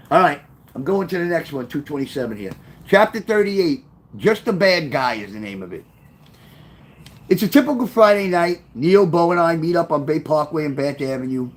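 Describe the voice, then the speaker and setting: A man's voice: on the high side, a little hiss or hum. Profane New man telling stories. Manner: rambling, profane, reads chat comments aloud. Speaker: livestream host reading his memoir. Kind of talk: casual livestream storytelling. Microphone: webcam.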